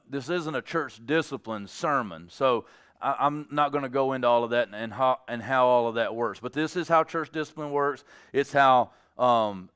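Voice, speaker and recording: A man preaching a sermon in a church, conversational and animated, acting out little dialogues with the congregation. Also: medium pitch, smooth. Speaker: pastor.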